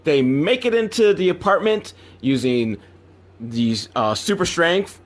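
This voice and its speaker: A man's voice: fairly high pitch, animated, a little slow. A man hosting a podcast, recapping a bad movie in an exasperated, rambling, sarcastic way. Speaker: podcast host.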